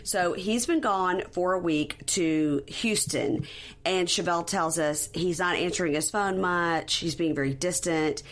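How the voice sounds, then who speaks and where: A woman co-hosting a podcast, retelling a reality show in casual chat and acting out quoted lines in high, animated voices. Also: unhurried.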